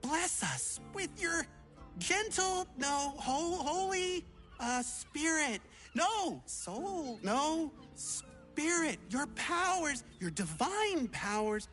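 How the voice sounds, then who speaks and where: A woman voicing an eager, chatty small male would-be adventurer in a video game, talking in an excitable, theatrical way. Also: high voice, very slow, faint music behind, exaggerated voice.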